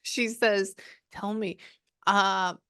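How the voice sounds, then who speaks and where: A woman's voice: mid-range voice, fairly even intonation, extremely slow, bright, forceful tone, clear, resonant tone, no room sound, clean studio sound. A woman working as a psychic medium, talking casually and often breaking off to listen before passing on what she hears. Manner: breaks off to listen, relays quotes. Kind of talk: psychic reading session, casual chat.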